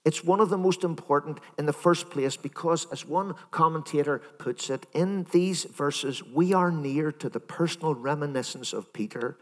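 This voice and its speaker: A minister giving a sermon in a conversational, storytelling manner, voicing imagined dialogue. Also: male voice, fairly high pitch, normal speed, hardly any pauses, in a large hall.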